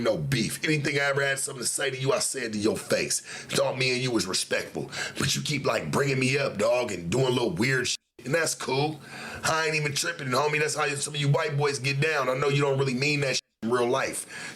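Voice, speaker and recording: A man's voice: medium pitch, a bit bright. A man hosting a livestream, ranting in confrontational, slangy street talk. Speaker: livestream host. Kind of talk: livestream rant.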